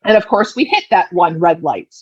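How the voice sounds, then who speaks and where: A woman's voice: on the low side, moderate pace, breathy edge, dry recording, lo-fi sound. A woman in her thirties, a podcast guest, telling a personal story in a casual way and acting out the lines people said. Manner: lively retelling, acting out quoted lines.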